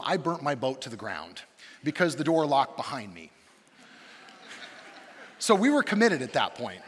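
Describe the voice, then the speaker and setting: A campus pastor in his thirties, whose voice is a bit higher than most men's, delivers a humorous sermon full of funny, self-mocking stories with lively, shifting energy. The sound echoes with long reverb like a big hall, and there's a slight hiss or hum.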